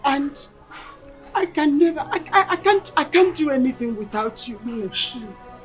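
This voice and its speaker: A woman's voice: high-pitched, takes it slowly, a little mellow, soft background music. An actress playing a guilty young woman who stammers as she begs forgiveness. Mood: begging. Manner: begging, stammering. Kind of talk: film acting.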